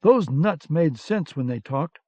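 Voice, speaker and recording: A man's voice: on the high side, wildly swooping pitch, moderate pace, gravelly, mellow, husky, no echo, exaggerated voice. Man voicing a whiny little ex-cook. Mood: indignant. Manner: whiny, indignant outbursts. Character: little male German ex-cook, complaining and frightened. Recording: dull lo-fi cassette recording.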